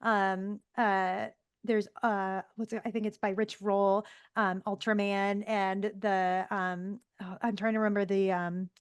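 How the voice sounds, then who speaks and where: A woman's voice: mid-range voice, flat delivery, unhurried, clean tone, dry recording. A woman hosting a podcast, asking questions in a casual, searching way with lots of fillers. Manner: searching for words, many fillers, friendly. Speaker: podcast host. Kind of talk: casual interview.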